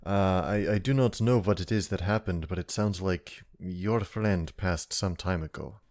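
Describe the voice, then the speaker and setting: A man's voice: deep voice, a little slow, darkish tone. A man playing a tabletop game, chatting casually and hesitantly. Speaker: player.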